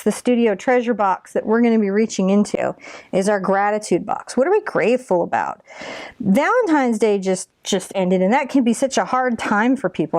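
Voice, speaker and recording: A woman's voice: mid-range voice, no echo. A woman in her forties teaching a live painting lesson, chatty and encouraging as she talks through each brush stroke. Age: 40s. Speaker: painting instructor.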